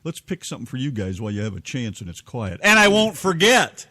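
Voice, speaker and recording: A man from Kentucky chats loosely on live radio, stalling and joking as he digs through his music. His voice swings widely in pitch. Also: very animated, quick pace, bright, forceful tone. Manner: rambling, joking, stalling while he hunts for songs. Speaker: radio show co-host. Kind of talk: casual live radio chat.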